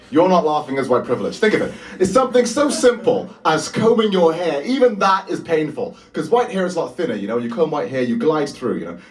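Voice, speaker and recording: A man's voice: medium pitch, recorded from a distance. A man, doing a live stand-up set with a dry, self-mocking delivery. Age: 20s. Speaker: stand-up comedian. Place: small bar venue with live audience.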